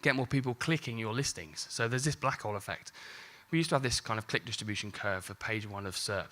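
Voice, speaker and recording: A man's voice: on the low side, quick pace, hardly any pauses, sharp tone. A man in his forties giving a live conference talk on marketing, casual and jokey, with the odd mild swear. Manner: jokey, casual, swears lightly, acts out exchanges. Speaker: conference speaker.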